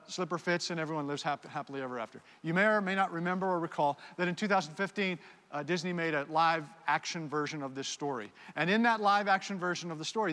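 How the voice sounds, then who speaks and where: A man's voice: high voice, a bit bright. A man preaching a sermon, animatedly directing volunteers on stage. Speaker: pastor. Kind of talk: sermon with audience participation skit. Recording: long hall reverb.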